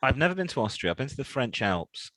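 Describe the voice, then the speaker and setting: A man's voice: medium pitch, big pitch swings, fast, sharp tone, no room sound. A man co-hosting a casual chat show, joking and rambling as he reads out listener messages. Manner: joking, rambling, puts on silly voices. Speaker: podcast co-host.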